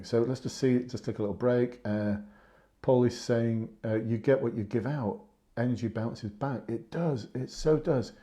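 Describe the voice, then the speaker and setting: A man's voice: mid-range voice, mellow. A man in his fifties, a former police sergeant, giving casual, earnest advice on a live stream and repeating his points for emphasis. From England.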